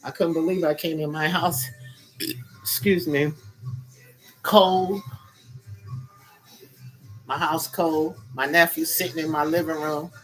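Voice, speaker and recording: Guy on a phone stream from bed, cussing and venting but sweet to viewers, kinda high voice, faint music behind. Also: steady tone, takes it slowly, pauses often, a bit bright, rough recording. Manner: profane, annoyed, sweet-talking viewers. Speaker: live streamer chatting with viewers. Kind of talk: casual rambling live stream. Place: in bed at home under a cover. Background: faint music from another room.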